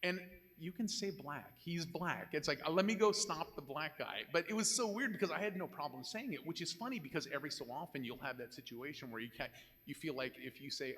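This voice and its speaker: A man's voice: on the high side, a little fast, fairly bright tone, in a large hall. An older man on a live convention panel, telling candid, joking anecdotes.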